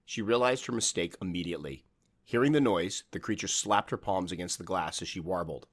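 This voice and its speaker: A man narrating a horror story in a measured, dramatic storytelling manner. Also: low voice, husky.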